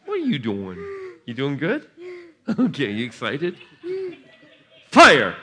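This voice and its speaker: A man preaching at a revival service in a church, laughing and shouting bursts, gentle with the children he blesses. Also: medium pitch. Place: church sanctuary.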